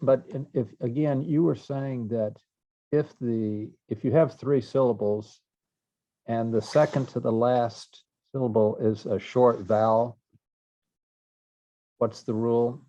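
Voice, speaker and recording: Male student, mellow tone, muffled and off-mic, hesitant questions. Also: mid-range voice, steady tone, slow, no echo. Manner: tentative questioning.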